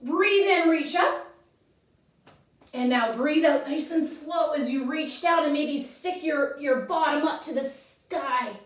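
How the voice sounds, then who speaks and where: A woman's voice: high-pitched, slow. A woman teaching children's yoga through a story, guiding in an encouraging, sing-song way. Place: yoga studio. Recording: echoey room, voice from far off.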